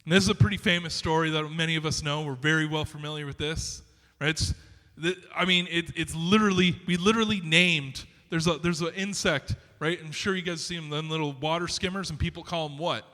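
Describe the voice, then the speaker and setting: Male pastor, high bright voice, chatty animated sermon delivery, reverberant church hall. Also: brisk, few pauses. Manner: animated, conversational preaching with many restarts and asides. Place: church sanctuary.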